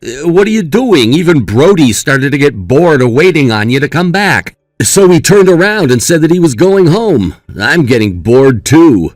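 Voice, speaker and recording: A man's voice: on the high side, big pitch swings, normal speed, few pauses, dry recording, clean studio sound. A man playing a careless young groom who brushes off his bride with taunting, dismissive remarks. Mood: impatient.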